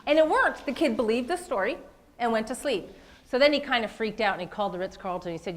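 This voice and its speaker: A woman's voice: a little high, fast. A woman giving a live motivational keynote, emphatic, repeating key phrases and asking the audience questions.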